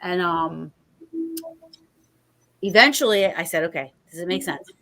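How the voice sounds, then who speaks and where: A woman with a fairly low voice tells a long story in a loose, rambling way. She hosts a casual paranormal talk stream and leans on fillers and restarts. The tone stays relaxed and conversational. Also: a little slow, low-quality recording. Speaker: podcast host. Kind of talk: casual chat.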